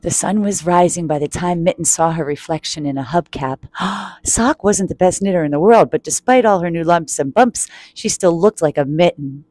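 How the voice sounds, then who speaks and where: A woman reading a children's picture book aloud in a quiet, playful voice, joking and giggling in a public laundromat. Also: on the low side, a little fast, few pauses, dry recording.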